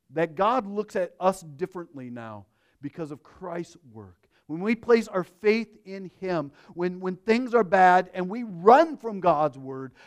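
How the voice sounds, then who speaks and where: Guy preaching slow, pretty high voice, goes quiet then gets loud, really earnest. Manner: earnest, swings from hushed to emphatic. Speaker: pastor. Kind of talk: sermon.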